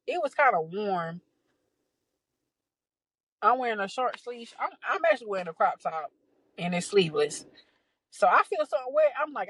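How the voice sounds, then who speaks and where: A young adult woman, talking a bit high in her range. She recounts a story in a loose, profane, exasperated podcast style, stumbling and restarting as she goes. The recording is close and dry, with no room sound around her. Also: fairly bright tone, no room sound, rough recording. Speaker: podcast host. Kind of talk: casual storytelling.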